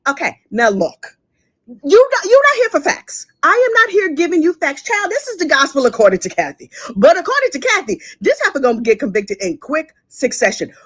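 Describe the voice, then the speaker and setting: A woman's voice: sits high, wildly swooping pitch, fairly quick, a bit bright, no echo. A woman giving a sassy, gossipy commentary on a trial, talking straight to her viewers. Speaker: true crime commentator.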